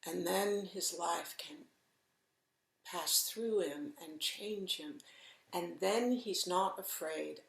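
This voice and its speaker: A middle-aged woman giving a Zen dharma talk, slow, gentle and reflective with soft pauses, recorded in an echoey room. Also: on the low side. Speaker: Zen teacher.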